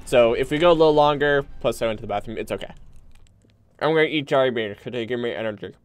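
A man streaming a video game, casually commenting and coaching himself through fights in excitable bursts and mutters. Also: mid-range voice, fast, clear, resonant tone, dry recording.

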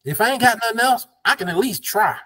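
A man's voice: very high-pitched, lively intonation, fast talker, pushed and bright. A man from the American South leading an interactive Bible study as pastor, conversational and affirming, drawing call-and-response.

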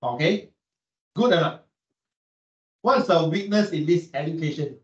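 A man with a Malaysian English accent gives a classroom lecture, pitched a bit high and caught from a distance. The room rings with echo and the sound is dull. He keeps checking in with the class through quick rhetorical questions. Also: animated. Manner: asks students frequent rhetorical questions; repeats words while searching for them. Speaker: economics lecturer.

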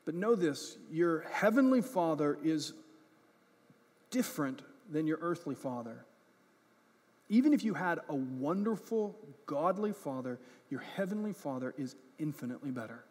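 A man's voice: on the high side, moderate pace, breathy edge. A male pastor preaching a conversational sermon with a personal story. He keeps checking in with the congregation and pokes fun at himself. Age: adult parent. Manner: conversational, often checking in with "right?" and "okay?"; self-deprecating, grows animated in funny moments. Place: church sanctuary. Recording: church hall reverb.

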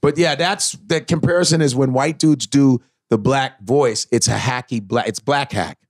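A man's voice: mid-range voice, normal speed, no echo, studio quality. A man talking casually as a comedian guest on a podcast, swearing and slipping into voices and impressions.

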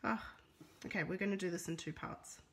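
A woman's voice: fairly low pitch, brisk, fairly bright tone. A middle-aged Australian woman chatting casually through a live papercraft demo, reading out viewer comments as she works. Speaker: papercraft demonstrator. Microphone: phone.

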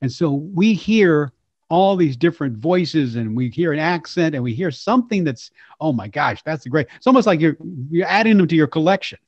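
An older man, a voice actor, telling stories in an interview in a lively way and slipping into character voices. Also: a little high, normal speed, no echo. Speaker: voice actor and impressionist guest. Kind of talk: animated storytelling interview. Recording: dull lo-fi sound, dry.

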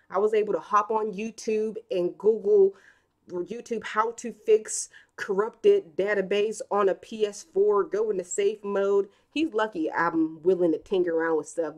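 A woman's voice: medium pitch, darkish tone. A woman in her thirties hosting a live stream in a casual, chatty way, reading comments and telling stories with acted quotes. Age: 30s.

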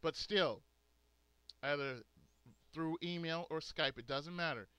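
A man's voice: fairly high pitch, a little slow, bright, forceful tone, smooth, no room sound. A man hosting a gaming channel, ranting angrily and profanely to his subscribers, stressing words hard. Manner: angry, profane, emphatic ranting. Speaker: gaming video host. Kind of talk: angry rant to subscribers.

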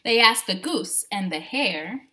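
A woman teacher reading a picture book aloud to her class from home, animated and talking to the children as friends. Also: medium pitch, slow pace, noisy background.

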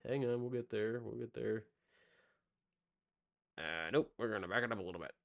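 With a fairly low, gravelly voice at normal speed, a podcast co-host chats casually, rambling about release dates and snack news and using lots of fillers. The audio sounds like it's coming through a phone.

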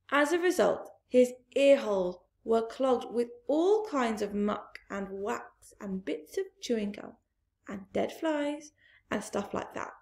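Slow, expressive woman reading a storybook. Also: fairly high pitch, vocal fry. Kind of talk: storybook read-aloud. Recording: roomy echoey room.

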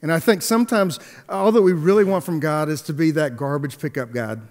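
A pastor telling a story in a sermon, swinging between hushed and emphatic delivery, with halting restarts and repeated words. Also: male voice, fairly high pitch. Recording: long echoey hall reverb.

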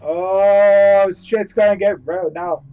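A man's voice: high-pitched, fairly even intonation, slow pace, lo-fi sound. A man commenting on a horror game as he plays, jumpy, yelping and swearing often. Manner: jumpy, loud yelps and frequent swearing. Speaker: gamer playing a horror game. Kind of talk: let's play commentary.

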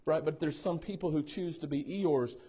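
Man, pastor, playful sermon delivery with call-and-response asides, voice a bit high. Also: moderate pace, dark tone, slightly rough. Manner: playful, teasing asides, asks congregation for responses. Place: church sanctuary.

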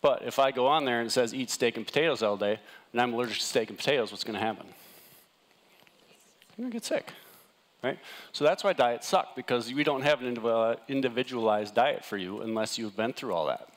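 A man's voice: medium pitch, animated, brisk. A middle-aged man giving a casual, jokey wellness talk to a live audience, often asking the room "right?".

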